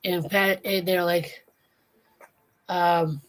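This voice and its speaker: A woman's voice: on the low side, flat delivery, very slow. A woman hosting a casual late-night livestream, chatting in a rambling way with many restarts. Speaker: livestream host.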